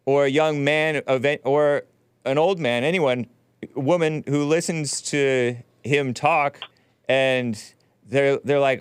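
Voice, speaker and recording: A man's voice: medium pitch, takes it slowly, smooth, no echo. A man hosting a call-in show, chatting loosely with callers and laughing often. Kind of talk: casual call-in talk.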